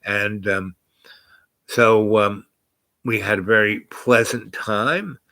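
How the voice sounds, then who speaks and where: A man in his eighties casually telling a long personal story, rambling and halting with many fillers and restarts. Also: lowish voice, fairly even intonation, bright, forceful tone, no room sound. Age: 80s.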